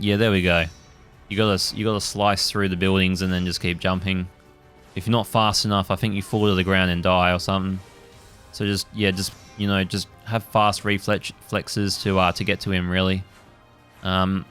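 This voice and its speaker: A man's voice: low-pitched, a bit bright. A man hosting a gaming channel, giving casual let's play commentary, rambling with many fillers and the odd swear.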